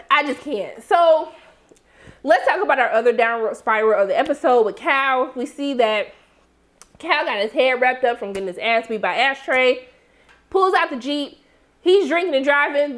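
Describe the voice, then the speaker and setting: Animated high-voiced woman reviewer. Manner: animated, acts out characters' lines in sassy asides. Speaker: TV show reviewer. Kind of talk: casual recap commentary.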